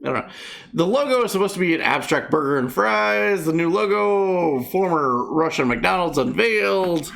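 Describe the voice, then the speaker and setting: A man's voice: high voice, animated, normal speed, gravelly, a bit bright. A man co-hosting a casual comedic news stream, reading headlines with wry asides.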